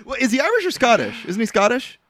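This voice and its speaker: A man's voice: very high-pitched, very animated, fast talker, crowd noise. A man co-hosting a casual movie podcast, swearing often and laughing a lot. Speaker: podcast co-host.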